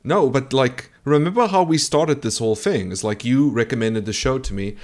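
Man co-host, mid-pitched, wry, rambles with fillers, bemused tone. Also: normal speed, a little mellow. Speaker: podcast co-host. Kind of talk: casual chat.

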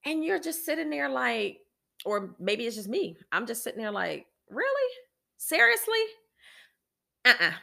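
A woman's voice: fairly high pitch, expressive, moderate pace, gravelly, fairly bright tone. A woman hosting a podcast, talking candidly and emphatically about a personal frustration and speaking straight to her listeners in a preacherly way. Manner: emphatic, exasperated storytelling with frequent restarts; direct address to listeners, preacherly. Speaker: podcast host.

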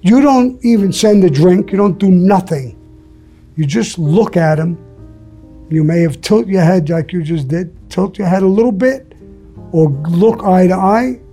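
At a measured pace, a man with a high, warm voice tells stories as a guest in a casual interview, with faint music in the background. He's blunt and profane and acts out the quotes.

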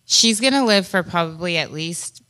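Woman guest on a podcast, bright clear voice, relaxed and chatty. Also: fairly low pitch, normal speed. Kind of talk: casual podcast chat.

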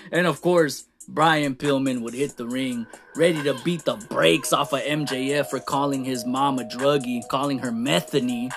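A man ranting casually in a wrestling show review, animated, swearing and laughing at the shocking moments. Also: mid-range voice, measured pace, faint music behind. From Latino. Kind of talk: casual recap rant.

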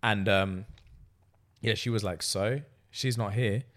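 A man's voice: fairly low pitch, fairly even intonation, slow, a bit bright. A young man telling a story in casual podcast chat, acting out quotes and swearing freely. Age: young adult. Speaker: podcast co-host.

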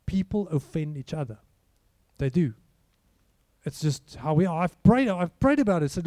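Man, preacher, high voice, very warm and mellow, dry close sound. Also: sing-song, moderate pace, no echo. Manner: conversational preaching, rhetorical questions. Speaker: pastor. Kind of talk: sermon.

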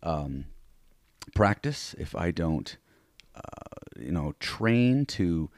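A man with a very deep voice that rises and falls a lot chats on a podcast. He speaks in bursts, stopping to restart and adding "right?" to his points. The recording is dry and close. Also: very slow, no room sound. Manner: animated, many restarts and tag questions. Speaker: podcast co-host; self-defense instructor. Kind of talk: casual chat.

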